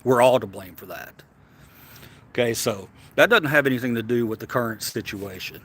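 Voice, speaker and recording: With a slight hiss or hum in the audio, a man of medium pitch and somewhat bright tone speaks at a moderate pace. He's a Southern-accented livestream host from Tennessee, chatting loosely, answering comments and stumbling into restarts.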